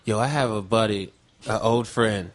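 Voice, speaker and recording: Profane, animated storyteller man from Chicago. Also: on the low side, moderate pace. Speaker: podcast host. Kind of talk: casual chat.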